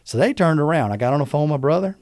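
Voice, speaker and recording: A man's voice: on the high side, lively intonation, racing, a little mellow, no echo, clean studio sound. A man guest on a podcast, telling an emotional personal story in an earnest way and acting out the voices of the people he quotes.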